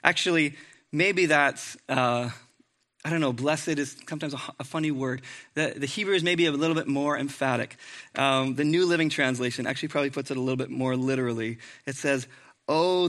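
Man, sermon, gravelly voice, conversational, joking asides, mid pitch. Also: steady tone, fairly quick, fairly bright tone. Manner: conversational, self-deprecating asides to the congregation. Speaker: preacher.

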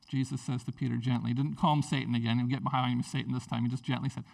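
A male pastor preaching a sermon in a conversational, animated way, with frequent fillers and restarts. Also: mid-range voice, rapid-fire, gravelly, hardly any pauses, distant mic.

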